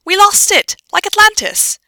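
A woman's voice: mid-range voice, animated, normal speed, pushed and bright, no room sound. A woman reading the part of a proud, scheming young witch who talks in a clipped, snappish way.

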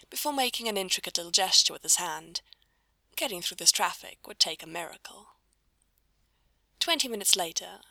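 A woman reads a story aloud with a wry, measured delivery. Her low voice carries a gravelly edge and a bright, forward tone. The sound is dry and close. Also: dry recording. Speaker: narrator. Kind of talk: storybook reading.

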